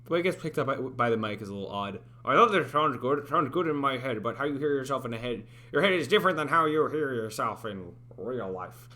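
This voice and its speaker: A man's voice: mid-range voice, lively intonation, fast talker, hardly any pauses, pushed and bright. A man streaming live, chatting casually and rambling, doubting himself and laughing at his own attempts. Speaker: streamer making a game. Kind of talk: casual livestream chat.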